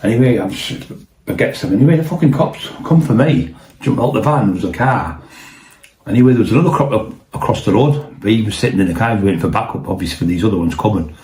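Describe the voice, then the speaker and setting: There's a roomy echo around this male host as he tells a rambling, casual story fast and animatedly, his voice on the low side and darkish in tone. Profanity is constant, and he voices the people in the tale.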